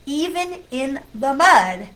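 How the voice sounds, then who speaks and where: A middle-aged woman, a psychic medium, casually telling a personal story to her viewers in a chatty, animated way. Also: sits high, takes it slowly, rough recording.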